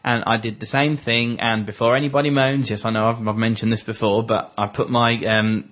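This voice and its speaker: This is a man in casual podcast chat among gaming friends. His pitch sits in the everyday middle range for a man. He teases himself and laughs a lot. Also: flat delivery, brisk, a bit bright. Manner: joking, self-mocking, laughs often. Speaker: podcast regular.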